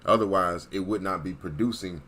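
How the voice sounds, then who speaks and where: A man's voice: sits low, fairly quick, pushed and bright. A man giving an emphatic, preachy monologue as an online commentator, repeating points and checking in with his listeners. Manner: emphatic, repetitive, checks in with "Okay?".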